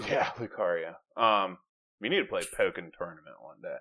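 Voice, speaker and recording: A man's voice: low voice, lively intonation, moderate pace, pushed and bright. A man hosting a podcast, chatting casually, rambling and swearing, sometimes reading from notes. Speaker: podcast host. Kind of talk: casual chat. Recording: dull lo-fi podcast audio.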